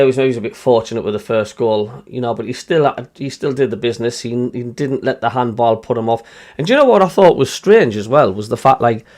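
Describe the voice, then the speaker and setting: Man, sunderland accent, football show host, chatty, reads live messages, mid pitch. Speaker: podcast host reading listener messages. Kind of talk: casual football chat.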